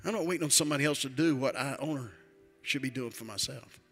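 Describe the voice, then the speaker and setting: An older man preaching a sermon as a bishop, swinging between quiet asides and loud emphatic build-ups. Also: mid-range voice, fast, faint music behind.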